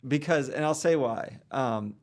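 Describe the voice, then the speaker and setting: Speaking at a measured pace in a medium pitch, this roughly forty-year-old real estate broker is a guest on a podcast. His casual talk wanders, full of fillers and false starts.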